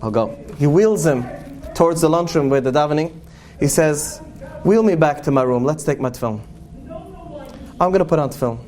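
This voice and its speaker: A man with a fairly high voice tells stories to a gathering, speaking with a lilt. He is earnest and stretches out his key words for weight. A faint hiss of noise sits under his voice. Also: a little mellow. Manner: earnest, slows and lingers on key words for emphasis. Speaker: rabbi. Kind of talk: storytelling talk to an audience.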